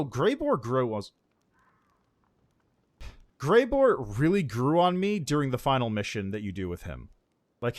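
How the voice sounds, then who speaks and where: Animated male streamer narrating a game. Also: mid-range voice, dry recording. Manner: enthusiastic, rambling. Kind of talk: casual gameplay commentary and narration.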